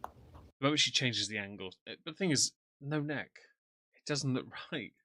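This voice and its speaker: A man's voice: mid-range voice, animated, moderate pace, sharp tone, no room sound. A man commenting sarcastically on a livestream from off camera. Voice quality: dry, mocking. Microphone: desk mic, off camera.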